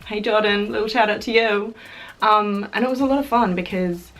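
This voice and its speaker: A woman's voice: mid-range voice, fairly even intonation, moderate pace, a bit bright. A young Australian woman chatting casually to camera in a vlog, bubbly and chatty with fillers and giggles. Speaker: YouTuber.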